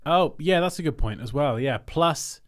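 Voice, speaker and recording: A man's voice: on the high side, lively intonation, moderate pace. A man hosting a design-review livestream, chatting casually and thinking aloud as he works on screen.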